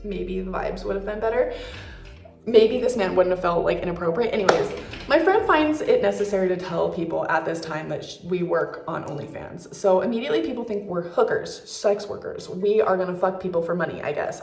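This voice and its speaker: A woman's voice: medium pitch, animated, brisk, darkish tone. Young woman, casual storytime, blunt and profane, echoey room. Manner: candid and profane, many fillers. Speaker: vlogger.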